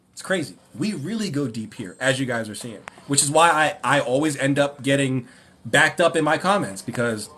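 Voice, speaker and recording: A man hosting a livestream Q&A, ranting and mocking in an animated way, often rambling and correcting himself. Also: medium pitch, a little hiss or hum. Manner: animated, mocking, breaks into laughter. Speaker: livestream host.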